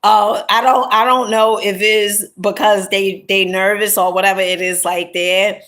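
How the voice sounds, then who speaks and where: Chatty woman vlogger rambling warmly. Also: mid-range voice, level tone, measured pace. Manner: chatty, rambling, with many fillers and restarts; warm pet names to viewers. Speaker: content creator. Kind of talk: casual storytelling vlog.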